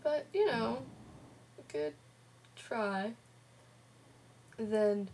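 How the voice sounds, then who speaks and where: Teen girl, sarcastic vlog chat, sore throat, gravelly fry. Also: medium pitch, steady tone, slow, long pauses, warm tone, slight background noise. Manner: chatty and sarcastic, lots of "like". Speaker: vlogger. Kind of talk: casual vlog chat, retelling a comic.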